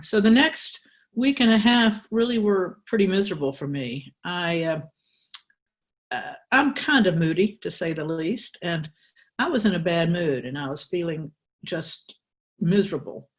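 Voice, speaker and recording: An older woman telling a personal story aloud, in a wry, candid way with pauses and restarts. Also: on the low side, animated. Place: church.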